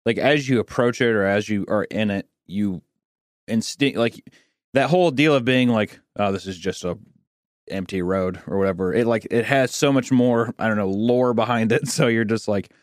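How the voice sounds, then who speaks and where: A man's voice: fairly low pitch, normal speed, no room sound. Podcast co-host, man from Missouri, profane ranting storyteller, dry close sound. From Missouri, United States. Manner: profane, ranting, acts out quoted people. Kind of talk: casual chat.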